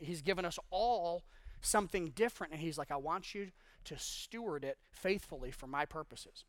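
Young male preacher, high bright voice, dry close sound, loose conversational sermon delivery. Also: no echo. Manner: conversational, animated preaching with many "like" fillers. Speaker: pastor.

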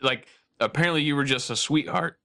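A man's voice: mid-range voice, brisk, gravelly, bright, forceful tone, soft background music. A man hosting a podcast, chatting casually with his guest and chuckling. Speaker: podcast host. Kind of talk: casual interview chat.

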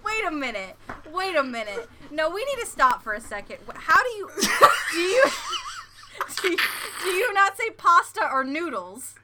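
High, lively woman, playfully indignant. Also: normal speed. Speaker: podcast co-host. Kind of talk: casual chat. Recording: noisy background.

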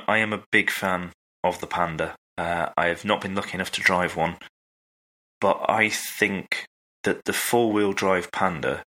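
Deep, very bright-toned man. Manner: friendly, chuckling, questioning. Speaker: host. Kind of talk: casual chat.

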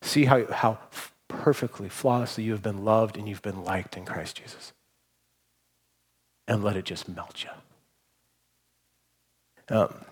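A man's voice: lowish voice, breathy edge. Earnest man preaching a sermon. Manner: earnest, emotional, with frequent restarts and soft trailing endings. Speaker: pastor.

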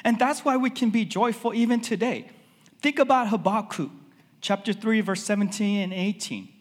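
A man's voice: high voice, normal speed, big-room sound. A man preaching a sermon as a pastor, talking in a loose, conversational way with lots of filler words.

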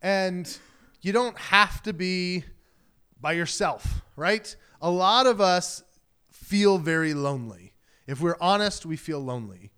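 A man's voice: high voice, lively intonation, slow pace, bright, forceful tone, clear, resonant tone. A man preaching a sermon as pastor, talking in a loose conversational way and acting out quoted voices.

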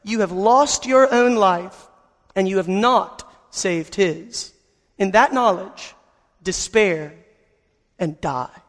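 A man's voice: sits high, slow pace. A man voicing a cruel, gloating witch queen who taunts in a quivering voice, read aloud from a storybook in a reverberant hall.

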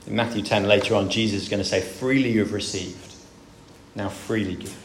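A man's voice: mid-range voice, slight background noise. A man preaching a sermon, earnest and reflective, asking rhetorical questions of his listeners. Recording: echoey room with faint ambience.

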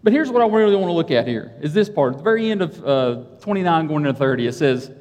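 A man's voice: fairly high pitch, very animated, fast talker, a little mellow. A man preaching a casual, conversational sermon, telling stories about himself with a self-deprecating humor. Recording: reverberant hall.

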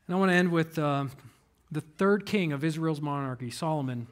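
High-voiced man preaching with swings in intensity. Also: fairly quick. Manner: dynamic preaching, swinging between quiet and emphatic. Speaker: pastor. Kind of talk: sermon.

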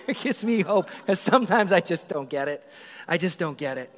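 A man preaching a sermon, telling the story with animated voices for the crowd. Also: high-pitched, moderate pace, in a large hall. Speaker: pastor.

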